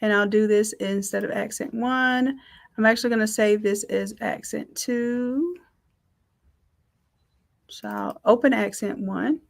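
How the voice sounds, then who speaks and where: A woman's voice: medium pitch, measured pace, creaky, pauses often. A woman teaching a live design class, talking in an upbeat, chatty way and thinking aloud as she works. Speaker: design instructor. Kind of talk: live software tutorial.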